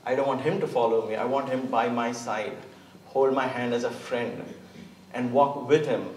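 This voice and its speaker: A man's voice: medium pitch, steady tone, moderate pace, darkish tone, slight background noise. A man giving an earnest, emphatic inspirational talk from a church stage, often repeating words. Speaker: guest speaker. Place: church hall. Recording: echoey hall, mic at a distance.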